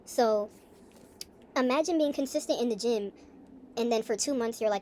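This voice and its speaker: A woman's voice: fairly high pitch, brisk, slight background noise. A young woman talking in a casual, rambling video diary, full of fillers and asides. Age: young adult. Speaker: vlogger.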